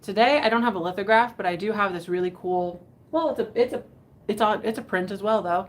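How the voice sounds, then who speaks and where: A chatty woman hosts a live vintage sale. She rambles and giggles as she shows items, her voice at a middle pitch. Faint noise sits behind her. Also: brisk. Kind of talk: casual live selling chat.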